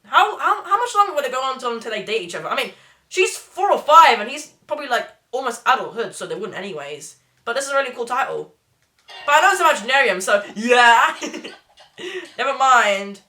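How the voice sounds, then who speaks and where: A woman's voice: high voice, very animated, fairly quick, pushed and bright. A woman hosting a casual reaction video, rambling and laughing often.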